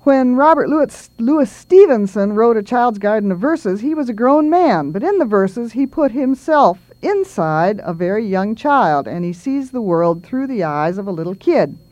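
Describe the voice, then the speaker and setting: A woman's voice: a little high, no room sound. A middle-aged woman, a children's author, giving a talk and reading poems aloud with feeling. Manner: slow, expressive reading aloud.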